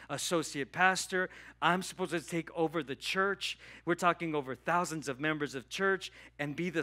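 A man preaches a sermon in a church, a pastor telling his own story. His voice sits a little high and sounds bright and forceful. He acts out the dialogue with God with lively energy. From Southern California. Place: church hall.

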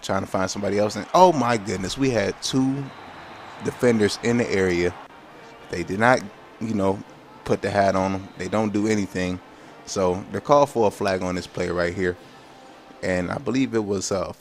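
Man with a slightly low voice, casual let's-play commentator calling his game play by play, slangy and easily exasperated. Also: a little hiss or hum. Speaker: gameplay commentator.

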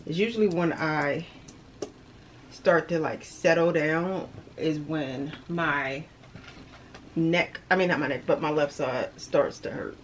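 A woman's voice: low-pitched, takes it slowly, slight background noise. A young woman chatting casually to her viewers in a vlog, laughing often and talking to them as y'all; she is tired. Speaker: vlogger.

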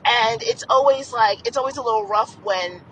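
A woman's voice: a little high, normal speed, a little hiss or hum, poor audio. A woman from the northern United States co-hosting a podcast, telling stories in casual chat and acting out what people said, with laughter. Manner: animated storytelling with acted-out quotes and laughter. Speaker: podcast co-host.

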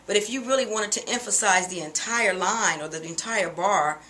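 Woman teaching singing, bright voice. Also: medium pitch, moderate pace, a little hiss or hum. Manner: relaxed, conversational explaining with frequent fillers. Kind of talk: vocal lesson with sung demonstrations.

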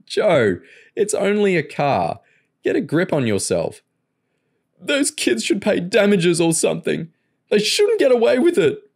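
A man voicing a bitter, fat, bearded male car thief who sobs and whines in shrill outbursts. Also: very animated, unhurried, creaky, slightly rough, exaggerated voice. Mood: whining.

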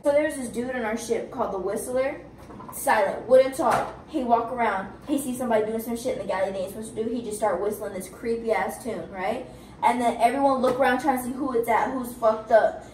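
High-voiced young woman spinning profane stories. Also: fairly quick, distant mic. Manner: animated, profane storyteller. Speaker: Navy recruit telling stories. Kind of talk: casual chat among roommates. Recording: echoey room, camera from afar, faint hiss.

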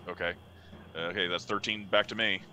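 Male player, rambling, lowish voice, bright timbre. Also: level tone, a little fast, a little hiss or hum. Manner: hesitant, rambling. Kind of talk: casual tabletop game talk.

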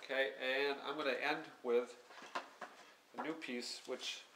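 A man giving a live poetry reading in a bookstore, intoning strings of unrelated words and phrases in a measured cadence. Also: mid-range voice, fairly even intonation, echoey room, background noise. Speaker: poet reading his work.

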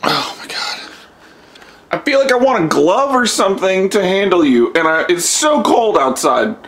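Guy w a high jumpy voice, startled and stammering, phone video at home. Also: big pitch swings, moderate pace, a bit bright. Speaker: vlogger. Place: house.

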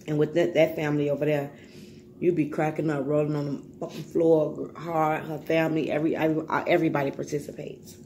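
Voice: medium pitch, level tone, a little fast, dark tone, a little hiss or hum. A vlogger talking casually to viewers while eating, loose and slangy, often repeating words.

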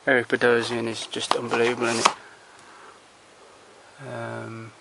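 A man's voice: medium pitch, completely flat delivery, unhurried, creaky, heavy background noise. A man walking through his film collection at home in a casual, rambling way, blunt and opinionated, swearing freely and trailing off between titles, recorded on a handheld camera.

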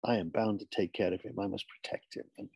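A man voicing a solemn, stubborn schoolboy in a storybook reading, speaking low and measured. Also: steady tone, creaky, darkish tone, slightly rough, lo-fi sound. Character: stubborn, solemn refugee schoolboy, quiet and unyielding.

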